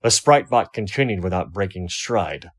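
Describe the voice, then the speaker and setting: A man reading a first-person fan fiction story aloud, wry and expressive. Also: sits low, normal speed. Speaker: audiobook reader.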